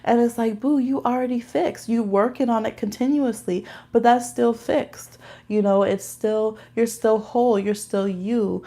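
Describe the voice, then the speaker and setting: A woman's voice: fairly high pitch, steady tone, measured pace, mellow. A woman giving a casual live-stream tarot and astrology reading, chatting straight to her viewers and laughing often as she pulls cards.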